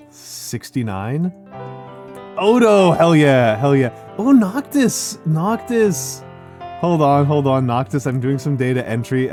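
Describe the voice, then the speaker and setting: A man's voice: medium pitch, a little mellow. A middle-aged man streaming, chatting casually with his audience, laughing often and using many fillers. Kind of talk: casual live-stream chat.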